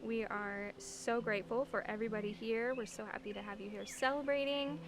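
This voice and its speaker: A woman's voice: a little high, steady tone, fairly quick, music in the background. A young woman, the bride, giving an earnest, heartfelt wedding toast.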